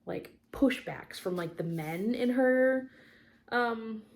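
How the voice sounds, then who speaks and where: A woman's voice: on the high side, lively intonation, slow. A young woman chatting casually in her craft vlog, rambling with lots of fillers. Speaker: cross-stitch vlogger. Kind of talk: casual chat.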